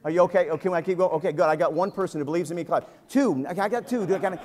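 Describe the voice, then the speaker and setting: A man in his fifties, a pastor preaching a sermon in a church, telling jokes and stories with lively, animated energy. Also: high-pitched, racing, some chatter behind. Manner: energetic, joking, animated storytelling. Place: church sanctuary.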